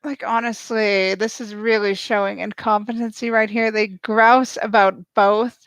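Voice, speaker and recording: A woman giving snarky, excitable live reaction commentary as she watches a show and cheers at the screen. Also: mid-range voice, a little slow, no room sound. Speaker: show recap host.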